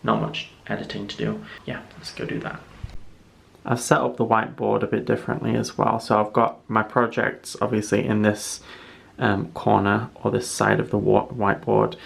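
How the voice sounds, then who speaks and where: A man's voice: on the low side, normal speed, creaky. A man chatting casually to camera at home, rambling and correcting himself as he goes. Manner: rambling, relaxed, self-correcting. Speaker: vlogger. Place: home room, indoors.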